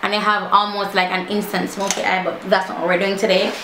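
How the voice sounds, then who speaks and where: A woman's voice: medium pitch, flat delivery, fairly quick, bright, forceful tone, echoey room, a little hiss or hum. A young woman with a Jamaican accent, chatting casually through a makeup tutorial and slipping playfully into patois. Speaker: makeup vlogger.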